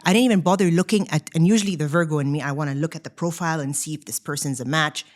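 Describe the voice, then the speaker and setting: A woman in her thirties co-hosting a podcast, telling her own story in casual chat, animated and full of "like" fillers and restarts. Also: deep voice, racing. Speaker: podcast co-host.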